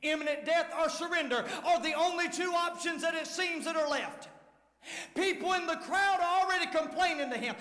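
A man preaching a sermon as pastor, dramatic, swinging from shouts to hushed tones. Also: very high voice, moderate pace. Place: large church sanctuary. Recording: echoey hall with long reverb.

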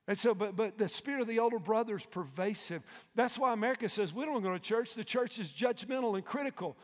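A male pastor preaching a fervent sermon in a large church auditorium. He swings from hushed asides to loud shouts and keeps asking the congregation to respond. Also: high-pitched, fast, hardly any pauses. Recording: long hall reverb.

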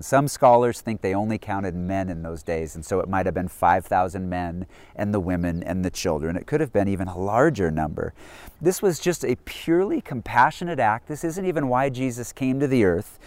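A man preaching a sermon, reading scripture and then explaining it, sometimes hushed and sometimes loud and emphatic. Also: lowish voice, no echo. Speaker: pastor.

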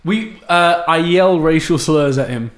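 A man's voice: a little high, normal speed, echoey room. A man co-hosting a casual podcast, cutting in with crude jokes. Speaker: podcast co-host.

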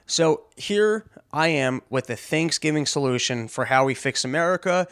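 A man hosting a podcast who rants in a comedic, profane way. He swears often and stammers through quick restarts. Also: fairly high pitch, animated, a bit bright, no room sound, clean studio sound. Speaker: podcast host.

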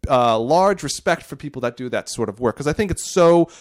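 A man's voice: mid-range voice, brisk. A man co-hosting a podcast, talking casually and arguing his point, rambling with lots of restarts and repeated words. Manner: animated, argumentative. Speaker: podcast co-host. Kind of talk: casual chat.

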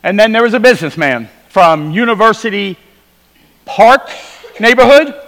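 High, bright-voiced preacher in a reverberant church. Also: male voice, lively intonation, normal speed. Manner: storytelling, swings from quiet asides to loud exhortation. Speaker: visiting revival preacher. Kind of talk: sermon. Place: church sanctuary. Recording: hall reverb.

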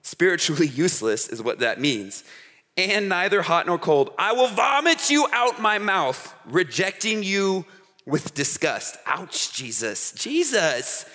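A man gives a camp sermon in a high, bright voice. He tells stories in an animated way, throwing "okay?" and "all right?" to the crowd. Long reverb hangs around him from the big hall. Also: unhurried. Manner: animated storytelling with frequent "okay?" asides. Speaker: camp speaker. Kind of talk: youth sermon. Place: large hall with an audience.

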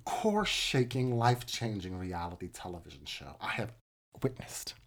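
A man in his thirties co-hosting a podcast in casual chat, campy and animated, often mimicking people in high voices. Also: normal speed, a little hiss or hum. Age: 30s. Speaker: podcast co-host.

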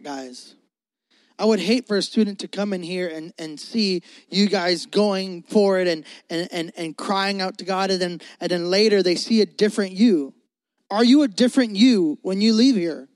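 Animated high-voiced young male preacher. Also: no room sound. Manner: animated, emphatic preaching with repeated phrases. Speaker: youth pastor. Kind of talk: sermon.

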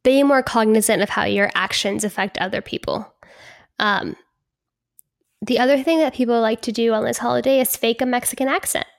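A young woman with a slight Hispanic American accent, co-hosting a casual discussion in an earnest, measured way with "um" pauses. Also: on the high side, creaky, dry recording, clean studio sound. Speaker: co-host.

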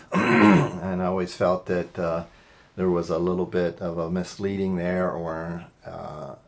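A man being interviewed, telling his life story in an earnest, halting way with lots of fillers. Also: sits low, level tone. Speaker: interview guest. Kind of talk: personal storytelling in conversation.

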